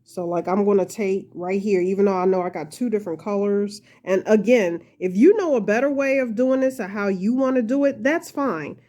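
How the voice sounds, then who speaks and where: A woman talks viewers through a crochet lesson in a loose, chatty way, laughing often and poking fun at herself. She speaks straight to her audience and calls them y'all, at an ordinary mid pitch for a woman. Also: moderate pace, few pauses, mellow. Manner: chatty, frequent laughter, self-deprecating. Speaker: crochet tutorial host. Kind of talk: casual talk-through tutorial.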